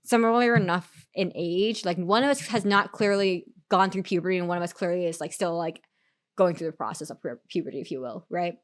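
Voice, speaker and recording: A woman's voice: fairly low pitch, a little fast. A young adult woman streamer telling a story in casual chat, rambling with lots of "like" and restarts.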